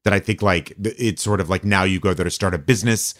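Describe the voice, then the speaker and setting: A man co-hosting a podcast, chatting casually and telling gossip with animated storytelling. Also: low-pitched, fast talker. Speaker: podcast co-host. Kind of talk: casual chat.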